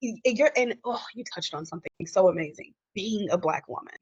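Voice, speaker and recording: A woman's voice: medium pitch, animated, brisk, a little mellow, slightly rough, no echo. A woman speaking candidly as a podcast guest, emotional and acting out quoted dialogue. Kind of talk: candid interview conversation. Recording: dry, muffled lo-fi audio.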